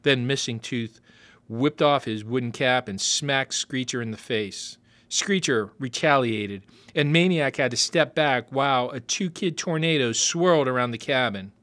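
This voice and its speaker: A man reading a novel aloud as narrator, with lively, expressive storytelling. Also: mid-range voice, unhurried.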